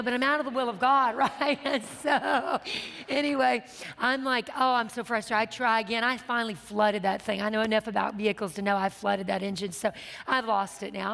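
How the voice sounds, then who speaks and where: High-voiced woman telling lively stories. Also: creaky, in a large hall. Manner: lively, laughing, self-mocking storyteller. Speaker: minister and show host. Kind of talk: storytelling testimony in casual chat.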